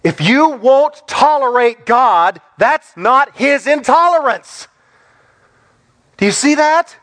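A man's voice: very high-pitched, expressive, slow pace, a bit bright. A man, a pastor, preaching a sermon with emphatic, repeated declarations that build in intensity.

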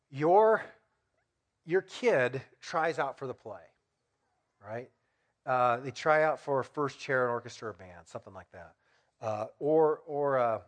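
A middle-aged man preaching a sermon in a conversational way, asking rhetorical questions and acting out everyday examples. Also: medium pitch. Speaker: pastor.

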